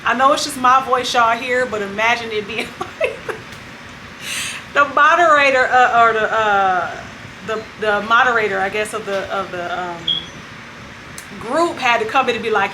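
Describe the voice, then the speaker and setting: A woman hosting her own vlog, telling a story in a casual, animated way and acting out what other people said. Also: on the high side, moderate pace, a little hiss or hum, rough recording. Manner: animated retelling that acts out other people's lines. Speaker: vlog host.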